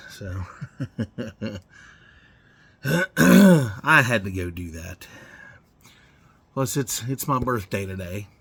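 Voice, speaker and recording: A man's voice: fairly low pitch, husky. A man in his forties rambling casually in his garage, swearing and chuckling as he goes. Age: 40s. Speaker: garage vlogger. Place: home garage.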